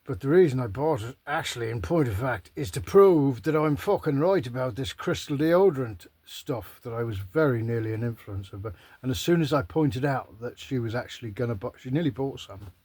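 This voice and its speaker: A man's voice: medium pitch, animated, fairly quick, hardly any pauses, a little mellow, slightly rough, dry recording. A man rambling to camera in a casual, sweary, self-mocking monologue. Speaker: vlogger.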